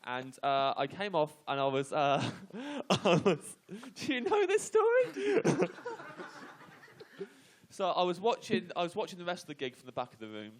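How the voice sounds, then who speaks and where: A man comedian on a live radio panel, telling a self-deprecating comic anecdote in halting bursts with lots of restarts. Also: on the high side, lively intonation.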